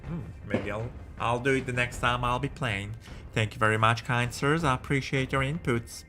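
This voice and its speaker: A man's voice: medium pitch, steady tone, moderate pace, over music. A man hosting a live gameplay stream, chatty and joking as he talks to his viewers. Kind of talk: live game commentary.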